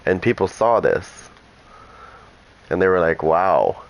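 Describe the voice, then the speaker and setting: Low-voiced man rambling over gameplay. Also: measured pace, low-quality recording. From Canada. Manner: rambling and chatty, trailing off into asides. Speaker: gaming streamer. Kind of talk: casual chat over gameplay.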